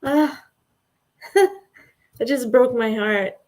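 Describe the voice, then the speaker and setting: A woman co-hosting a casual chat, telling stories in a gushing, animated way and laughing often. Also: on the high side, drawn-out words. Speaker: co-host.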